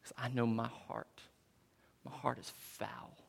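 Preacher man, slow and swelling. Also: mid-range voice, steady tone, creaky, husky. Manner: swings from soft, near-whispered lines to loud, proclaiming crescendos. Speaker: pastor. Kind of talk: sermon.

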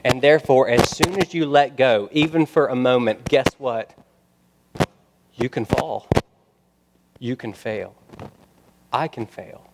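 A male pastor preaching a sermon, building to loud emphatic passages and dropping to quiet, pointed asides. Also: mid-range voice, takes it slowly, long pauses, very noisy.

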